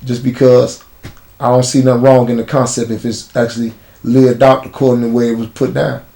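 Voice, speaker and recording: Chicago man, mid-pitched voice, blunt street-slang storyteller for an interview guest spot. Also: flat delivery, fairly quick, vocal fry, mellow. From United States.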